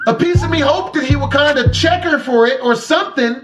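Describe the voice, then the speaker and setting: A man casually telling a personal story in a slangy, emotional, animated way, with music playing underneath. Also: extremely high pitch, fairly quick. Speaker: storytime narrator.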